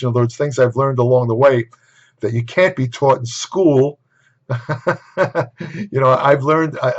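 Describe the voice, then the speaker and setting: An older man talks straight to the camera in a casual lecture, blunt and opinionated, often sliding into exasperated asides. His voice sits in an ordinary middle register, and the recording is dull and lo-fi. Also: mid-range voice. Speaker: nutrition writer and host.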